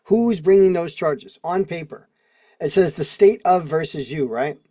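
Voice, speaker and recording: A man's voice: on the high side, unhurried, dark tone. A man hosting a casual livestream, preaching with strings of rhetorical questions and answering chat comments, heard through a video call microphone. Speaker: livestream host.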